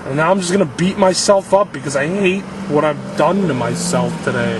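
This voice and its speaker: A man's voice: a little high, moderate pace, few pauses. A young man venting in a self-filmed vlog, frustrated and blaming himself, swearing often, recorded in a parking lot. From Illinois. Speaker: vlogger. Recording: distant mic with clear outdoor noise.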